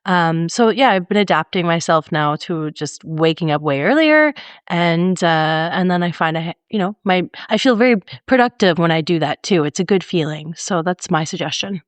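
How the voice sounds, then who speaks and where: A woman cohosting a garden podcast, giving relaxed, thoughtful advice. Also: fairly low pitch, moderate pace, dry recording. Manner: relaxed, thoughtful, many ums. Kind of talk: casual chat.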